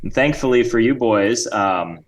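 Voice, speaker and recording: A man's voice: mid-range voice, normal speed. A man co-hosting a comedy podcast, rambling through a mock ad and banter with lots of hesitations. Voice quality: rambling, full of ums and restarts. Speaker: podcast co-host.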